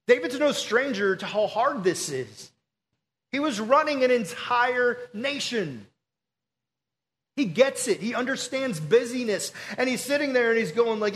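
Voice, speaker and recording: A man's voice: high-pitched, expressive, unhurried, a bit bright. A male pastor, preaching a sermon in an earnest, pleading, conversational way.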